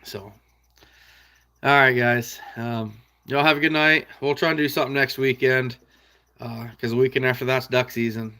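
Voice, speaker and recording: A man's voice: medium pitch, fairly even intonation, moderate pace, pushed and bright. A man with an American Midwest accent hosting a casual livestream, reading out viewer comments in an easygoing, folksy way with frequent chuckles. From Iowa.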